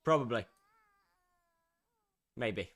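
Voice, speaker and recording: A man hosts a game stream from his home setup, talking loosely to his chat and rattling off greetings to viewers one after another. His pitch swings up and down a lot as he talks. The sound is close and dry, with no room echo. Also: lively intonation, very slow, a bit bright. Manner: offhand, self-mocking asides. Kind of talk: casual livestream chat with viewers.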